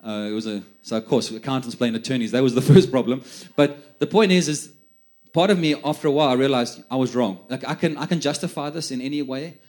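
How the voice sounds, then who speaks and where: A man's voice: medium pitch, fast talker, darkish tone. A middle-aged man preaching a sermon, telling stories in a chatty way and often repeating words as he restarts. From South Africa. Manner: conversational storytelling with many repeated words.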